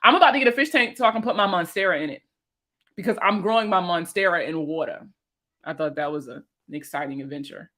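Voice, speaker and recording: A woman's voice: fairly low pitch, fast, a bit bright. A woman rambling casually on a livestream, talking in a loose and profane way and laughing often. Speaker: personal finance creator and veteran.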